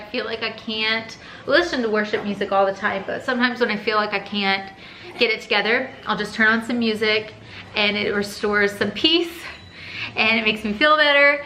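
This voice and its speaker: A young stay-at-home mom talks casually to her camera in her kitchen. Her voice is bright and carries an emotional, tearful, heartfelt quality. Faint clicking sounds can be heard in the background. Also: mid-range voice, a little hiss or hum, poor audio. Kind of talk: casual chat.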